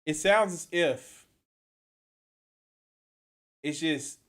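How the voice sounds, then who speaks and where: A man reacting to clips on a live stream, blunt and profane, swinging from quiet mumbling to loud outbursts. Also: on the high side, extremely slow. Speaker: commentary streamer.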